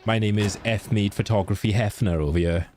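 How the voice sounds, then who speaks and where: A man's voice: on the low side, fairly even intonation, brisk, a little mellow, faint music behind. A man with a Welsh accent, a game streamer chatting casually and jokingly with his viewers. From Wales. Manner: chatty, joking, laughs easily. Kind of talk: casual chat with viewers while gaming.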